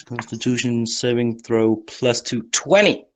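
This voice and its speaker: A man takes part in a tabletop role-playing session, talking through his moves and dice rolls. His voice is mid-pitched, and his manner stays casual and matter-of-fact. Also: normal speed, darkish tone. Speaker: player. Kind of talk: tabletop gaming chat.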